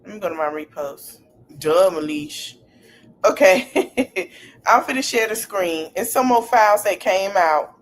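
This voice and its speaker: A woman hosting a casual podcast stream, talking in an animated, slangy way and repeating her phrases. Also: medium pitch, a little slow, slight background noise. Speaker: podcast host.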